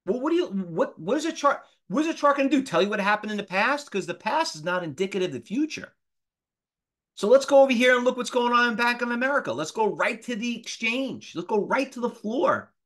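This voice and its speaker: High-voiced man in his fifties teaching. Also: fairly quick. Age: 50s. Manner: animated, fires rhetorical questions at the class. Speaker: trading instructor. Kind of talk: live class lecture.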